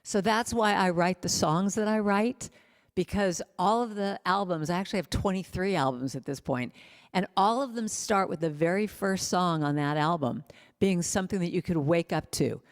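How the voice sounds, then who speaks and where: A woman guest speaker delivers a spiritual talk built on personal stories, sometimes slipping into a line of song. Her voice sits slightly low in pitch. The sound carries a long reverb from a large hall. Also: normal speed. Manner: personal storytelling, breaks into sung snippets. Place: spiritual center sanctuary.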